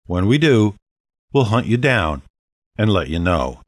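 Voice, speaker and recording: A commanding ancient vampire queen speaks in a bold, stately, proclaiming way, as a male audiobook narrator puts her on. The voice is fairly low and sits in a very dry, close recording. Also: sing-song, unhurried, dry recording. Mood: firm. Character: regal ancient female vampire leader, commanding. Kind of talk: audiobook character voice.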